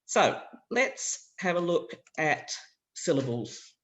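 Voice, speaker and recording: A man with an Australian accent leads a hands-on teacher-training workshop. His voice sits a little high for a man, and he explains things in a relaxed, conversational way, working through practical examples as he talks. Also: takes it slowly. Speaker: workshop presenter for language teachers.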